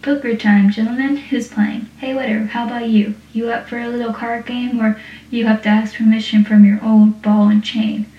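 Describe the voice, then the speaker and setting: A woman reading the lines of a smooth-talking young man dealing cards. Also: on the high side, little pitch movement, moderate pace, lightly acted. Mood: coaxing. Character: smooth-talking young male card player. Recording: echoey room, distant dull mic.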